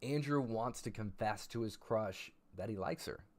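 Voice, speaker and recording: A man's voice: lowish voice, normal speed. A young man hosting a casual livestream, hyped and repeating viewers' names as he reads their messages. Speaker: livestream host.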